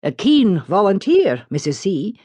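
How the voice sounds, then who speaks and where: Breezy scottish army colonel, brisk and obliging, lively up-and-down voice. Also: female voice, mid-range voice, no echo, pitched above the performer's own voice. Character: Scottish army colonel, jovial and well informed.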